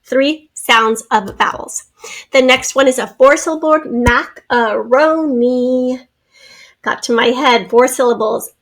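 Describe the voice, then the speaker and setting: A woman teacher giving a spelling and phonics lesson, sounding out words slowly and carefully. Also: high-pitched, a bit bright. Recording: recorded lesson video.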